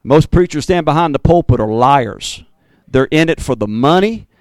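A man preaching a fiery Pentecostal sermon, swinging from loud bursts to low, intense asides. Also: expressive, moderate pace, no room sound. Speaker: pastor.

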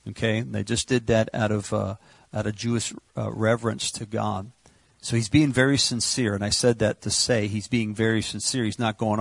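A man preaching a sermon, impassioned and repetitive, rising to shouts on words of praise. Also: medium pitch, creaky, no room sound.

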